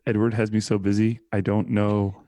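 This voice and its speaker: A man, co-hosting a podcast in casual, animated chat and swearing freely. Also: on the low side, normal speed. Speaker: podcast co-host.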